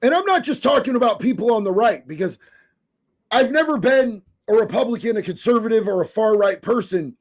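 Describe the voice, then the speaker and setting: A man's voice: high-pitched, lively intonation, fairly quick. A man from Oregon reading viewer comments on a live stream, fiery, profane and emphatic.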